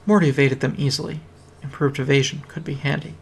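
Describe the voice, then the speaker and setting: A man's voice: fairly high pitch, fairly even intonation, fast talker, gravelly, a little hiss or hum. A man reading a fantasy fan story aloud on a stream, with a dry, wry delivery. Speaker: reader. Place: home streaming setup. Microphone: streaming mic.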